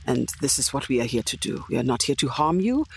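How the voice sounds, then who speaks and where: Gravelly man speaking in character. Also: mid-range voice, sing-song, quick pace. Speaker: player. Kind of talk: in-character tabletop role-play.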